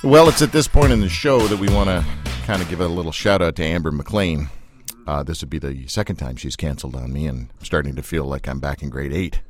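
A man's voice: very deep voice, fairly quick. A man hosting a radio show in a studio, chatting and introducing a guest in a joking, self-mocking way. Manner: lively, joking, self-mocking announcer delivery. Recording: music playing behind the voice.

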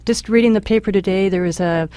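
Woman guest, firm, measured, dry close sound. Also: mid-range voice, warm tone, no echo. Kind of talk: radio interview answers.

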